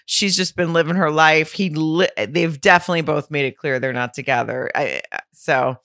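A woman co-hosting a podcast in casual chat, blunt and quick to swear. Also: deep voice, fairly even intonation, gravelly, fairly bright tone, no echo, clean studio sound. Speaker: podcast co-host.

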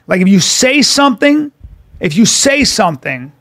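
A man's voice: high voice, big pitch swings, moderate pace, fairly bright tone. A man co-hosting a podcast, telling stories in casual chat and acting out the people he quotes. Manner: storytelling, acts out quoted people. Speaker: podcast co-host.

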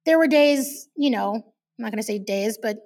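Guest, woman, 40s; animated and profane, candid storytelling, higher voice. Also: normal speed, distant mic. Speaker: podcast guest.

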